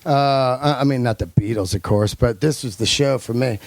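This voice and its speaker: A man hosting a casual podcast chat, reading out listener questions in a relaxed way and laughing easily. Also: mid-range voice, normal speed, no echo. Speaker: podcast host.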